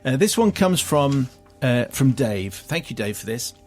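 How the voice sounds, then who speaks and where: Man, radio host, reading a listener letter, dry theatrical delivery, mid-pitched voice, faint music underneath. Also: big pitch swings, unhurried, a little mellow. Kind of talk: comic reading of a listener confession.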